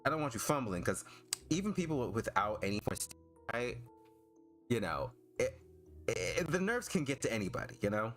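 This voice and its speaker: A young man streaming as a VTuber, chatting casually while drawing, with vocal fry and a rambling, hesitant way of talking full of fillers and restarts. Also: medium pitch, very animated, moderate pace, a bit bright, soft background music.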